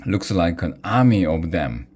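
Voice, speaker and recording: A man's voice: sits low, sing-song, unhurried, a little mellow, slight background noise. A man voicing a chatty, rambling male wizard in a storybook reading. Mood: alarmed. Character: babbling male wizard peddler.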